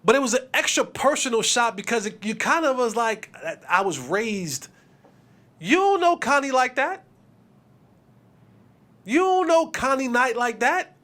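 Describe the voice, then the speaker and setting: A man in his thirties hosts a sports podcast in an unusually high voice. He talks emphatically, hammering his points through repetition and casual street slang. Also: normal speed, fairly bright tone. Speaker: podcast host.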